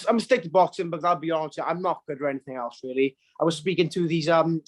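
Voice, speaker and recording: A teenage man chatting as a podcast guest and telling animated, self-mocking stories with quick laughs and restarts. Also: on the high side. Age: teens. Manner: animated storytelling, laughs and stumbles. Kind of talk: casual podcast chat.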